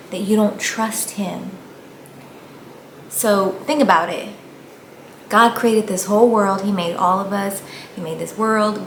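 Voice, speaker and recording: A woman delivers a casual motivational talk, speaking to viewers in an earnest, encouraging way. Her voice carries a gravelly fry at mid pitch. The room is echoey, with faint background noise. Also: fairly bright tone. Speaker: faith vlogger.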